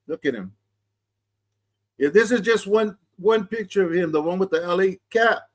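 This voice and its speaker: A man's voice: sits high, moderate pace. A middle-aged man giving casual commentary, in laid-back street talk full of slang and restarts. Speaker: vlogger reacting to a clip.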